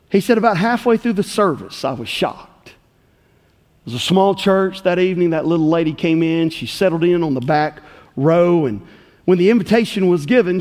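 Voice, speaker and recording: A man preaching a sermon, telling a story with passion and folksy turns of phrase. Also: sits high. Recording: long reverb of a hall.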